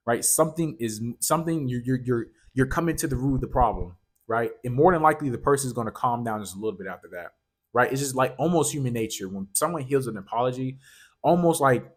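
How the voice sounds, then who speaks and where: A man with a slightly husky voice hosts a motivational podcast. He speaks straight to the listener in a loose, earnest, coaching tone, doubling back on his words and leaning on "like" and "right?" as he goes. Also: medium pitch. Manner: casual, repeats himself, fills with "like" and "right?". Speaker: podcast host.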